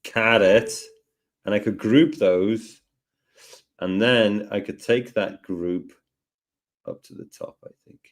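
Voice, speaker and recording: A man hosting a live software lesson, chatting and joking as he thinks aloud through each step. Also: on the low side, slow, pauses often. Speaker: tutorial host.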